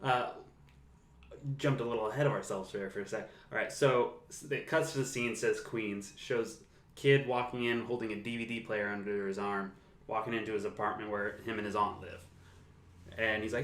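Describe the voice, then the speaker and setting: A man co-hosting a podcast, relaxed and chatty, recapping movie scenes and laughing often. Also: lowish voice, moderate pace, reverberant. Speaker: podcast co-host. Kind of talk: casual movie discussion.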